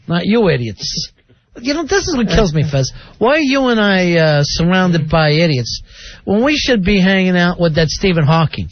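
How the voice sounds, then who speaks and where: A man co-hosting a comedic talk radio show, ranting sarcastically and loudly. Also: high-pitched, expressive, moderate pace, no echo. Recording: dull lo-fi radio recording.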